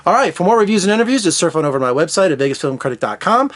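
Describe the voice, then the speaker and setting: Guy reviewing a movie, chatty and scattered, trips over his words, kinda higher voice. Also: very animated, very fast, fairly bright tone. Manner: rambling, self-correcting, chatty. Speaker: film critic. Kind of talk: casual video film review. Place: Las Vegas.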